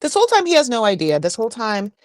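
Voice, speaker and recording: A woman's voice: fairly high pitch, wildly swooping pitch, fast, no echo. A woman hosting a podcast, recapping a reality show in a chatty, gossipy way full of fillers. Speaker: podcast host.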